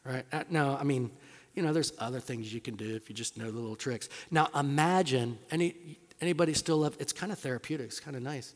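A middle-aged male pastor with a medium-pitched voice preaches a little fast in a conversational style, firing off rhetorical questions and shifting between emphatic points and hushed asides. A large hall gives the recording a long reverb.

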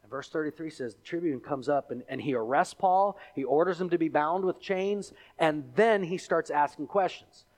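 A male pastor preaching a sermon, telling the story with animated delivery and acting out the characters and crowd. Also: on the high side, normal speed, few pauses.

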